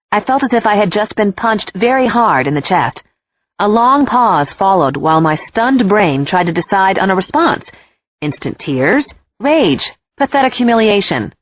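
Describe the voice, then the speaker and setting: A woman narrating an audiobook in an expressive, emotional first-person storytelling voice. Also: medium pitch, dry recording. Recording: dull lo-fi dry recording.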